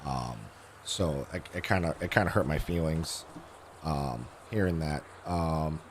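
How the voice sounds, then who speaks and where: A man streaming a game, chatting casually with his viewers in a hoarse voice that he is losing, rambling with many fillers and restarts. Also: very deep voice, measured pace, a little hiss or hum. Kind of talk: casual live-stream chat.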